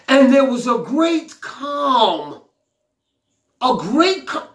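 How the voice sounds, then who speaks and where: A man preaches in an extremely high, very animated voice, drawing out his words and leaving long pauses, with a slightly bright tone in an echoey room. Fervent exclamations and repeated lines fill the sermon as he paraphrases the scripture aloud, acting it out in a pleading voice.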